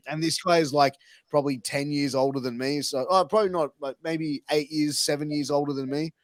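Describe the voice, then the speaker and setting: A man's voice: fairly high pitch, steady tone, fairly quick, no room sound. A man, hosting a podcast and telling a long, sweary, rambling story. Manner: swearing, rambling anecdotes with acted quotes. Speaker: podcast host. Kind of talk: casual storytelling.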